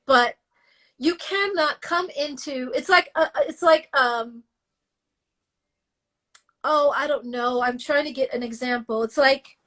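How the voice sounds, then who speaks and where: A woman's voice: sits high, measured pace, long pauses. A woman guest in an interview, telling her story bluntly and with feeling, sometimes cursing. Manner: animated, emotional, blunt and cursing. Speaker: guest singer.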